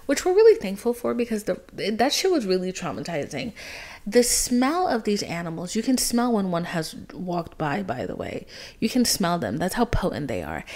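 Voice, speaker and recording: A woman's voice: mid-range voice, a little mellow. A young woman hosting a podcast, telling a personal story in a casual, dramatic monologue, swearing freely and dropping into whispers for emphasis. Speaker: podcast host.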